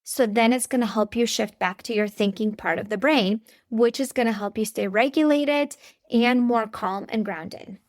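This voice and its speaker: Woman, thirties, podcast host. Earnest, chatty delivery straight to listeners, somewhat high voice, dry close sound. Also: no echo. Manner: earnest, conversational, speaks directly to listeners. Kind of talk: faith-based parenting podcast monologue.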